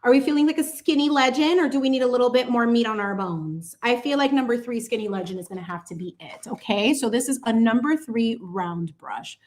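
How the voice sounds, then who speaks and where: Fairly high in pitch and fairly quick, she talks with few pauses while painting on her livestream. The channel host is animated and sassy, tossing out playful asides and bits of Spanish.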